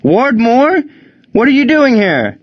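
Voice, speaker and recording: A man's voice: fairly low pitch, fast talker, lo-fi sound, lightly acted. A man voicing Gene, an earnest young soldier and baseball catcher who raises his voice when riled. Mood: shouting surprise. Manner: shouts when riled, animated.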